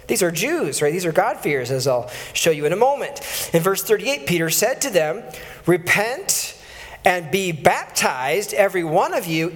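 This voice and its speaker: A man's voice: high-pitched, in a large hall. A male pastor giving a conversational sermon and reading scripture aloud, often correcting himself and adding chuckling asides.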